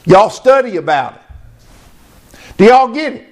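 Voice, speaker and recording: Preacher man, high voice, slow and emphatic, keeps asking the church if they get it. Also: sing-song. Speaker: pastor. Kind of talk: sermon.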